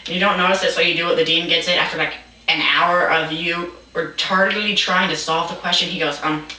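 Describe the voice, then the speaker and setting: A young stand-up comic rambling through an absurd story, tripping over his words and saying "like" a lot. The voice is bright. It echoes around a roomy space, caught by a mic at some distance with a faint hiss. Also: mid-range voice, steady tone, brisk. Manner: rambling, stumbles and restarts, says "like" a lot. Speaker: stand-up comedian.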